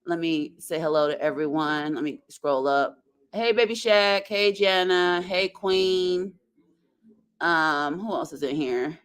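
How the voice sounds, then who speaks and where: Slow-talking woman hosting a livestream. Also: fairly low pitch, fairly even intonation, clean tone. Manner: chatty, halting, greets viewers one by one. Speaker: livestream host. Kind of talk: casual livestream chat.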